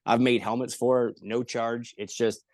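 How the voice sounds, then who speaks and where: A man of middle pitch tells his stories in a loose, jokey way and slips into the voices of the people he quotes. He swears casually as he goes. The recording is dry and close, with no room sound. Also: measured pace, no room sound. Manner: animated, jokey storyteller who acts out the people he quotes, with frequent swearing. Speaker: comedian guest. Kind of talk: casual storytelling in an interview.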